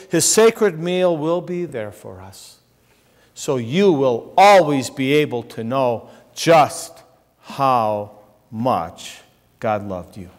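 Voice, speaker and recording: A man preaching in a church, his fairly high voice ringing out with long reverb. His delivery is impassioned and very lively in pitch, climbing to bright exclamations and then sinking low and soft. The sound is that of a sanctuary sermon. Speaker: pastor.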